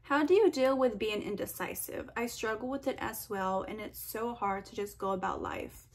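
A young woman answering viewer questions in a casual vlog, chatty and animated, full of fillers and quoted asides. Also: mid-range voice, normal speed, creaky. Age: young adult. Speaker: vlogger.

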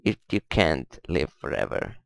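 A man's voice: very deep voice, lively intonation, measured pace, creaky, no room sound, rough recording. A man casually commenting on a strategy game he is playing, rambling, muttering to himself and swearing at the game now and then. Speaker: gameplay commentator. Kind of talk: casual let's-play commentary.

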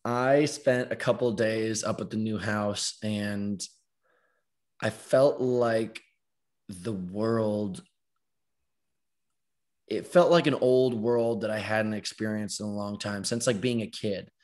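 A man in his thirties telling stories in casual chat as podcast host, animated, acting out other people's voices and swearing freely. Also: fairly low pitch, slow pace, long pauses.

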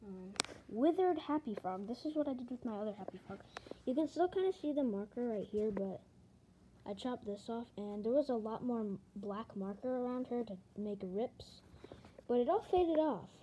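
A woman's voice: a little high, poor audio. A woman rambling casually through a show-and-tell vlog at home, often correcting herself as she talks. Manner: rambling, chatty, self-correcting. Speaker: collector showing plush toys. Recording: loud background noise with clicks.

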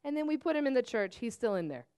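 A woman's voice: a little high, big pitch swings, fast, darkish tone, smooth, dry recording, studio quality. A woman voicing a nervous, agitated village man who pleads and evades, read aloud from a novel. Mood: pleading. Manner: pleading, evasive.

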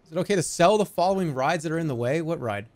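A male streamer in his thirties talks through a game at a home desk mic, in casual commentary. His delivery swings widely in pitch, animated and disbelieving by turns, and soft game music plays faintly behind him. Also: quick pace. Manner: animated, incredulous, jokey.

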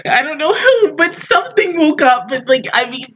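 A young woman hosting an anime reaction review, excitable and swearing, her voice breaking into tearful laughter. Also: high-pitched, moderate pace, heavy background noise. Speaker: anime reaction channel host.

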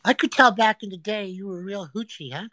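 A woman's voice: medium pitch, fairly quick, pushed and bright, no room sound. A woman hosting a casual livestream from a friend's home, teasing and swearing through crude, brash banter. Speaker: livestream host.

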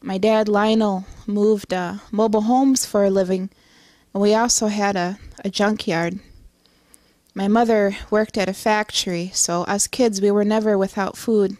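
Middle-aged woman telling her story, earnest and halting, dry close sound. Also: mid-range voice, fairly even intonation, darkish tone, dry recording. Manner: earnest, halting, with many restarts and fillers. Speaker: testimony speaker. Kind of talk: personal testimony storytelling.

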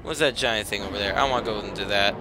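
A man giving casual let's play commentary, breaking into excited outbursts and complaints, then muttering to himself while sorting gear. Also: fairly low pitch, fast. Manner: self-talk, mutters and trails off while managing inventory. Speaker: gaming commentator. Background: game music.

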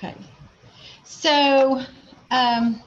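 A woman's voice: sits high, fairly even intonation, extremely slow. A woman in her forties from Oklahoma with a Southern Oklahoma accent, a health science teacher giving a casual workshop presentation over a video call, laid-back and a little apologetic. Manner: laid-back, apologetic, talks herself through steps. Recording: muffled video-call audio with faint noise.

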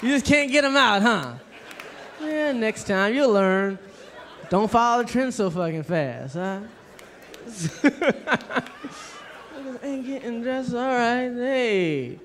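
A brash, profane stand-up comedian with a very high voice, firing off jokes at a fast clip. A crowd murmurs faintly behind him, with a light hiss. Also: male voice, animated, fairly bright tone. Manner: brash, profane, rapid-fire. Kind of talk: stand-up routine. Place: comedy club stage.

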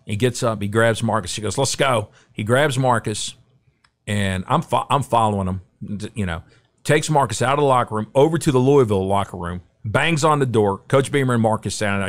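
A middle-aged man, a podcast guest, telling a story in casual, animated chat and acting out the quotes. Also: lowish voice, a little fast.

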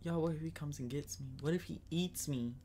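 A man's voice: a little high, brisk, warm tone, slight background noise. A man giving casual, dramatic gaming commentary, chatting to his viewers as y'all and breaking into screams when scared. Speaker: gaming streamer.

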